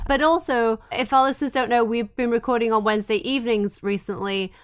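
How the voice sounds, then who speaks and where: A woman's voice: a little high, fairly even intonation, a little fast, few pauses, clean tone. Sick, chatty female co-host. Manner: giddy, wry, chatty. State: sick with a cold. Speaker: podcast co-host. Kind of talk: casual chat.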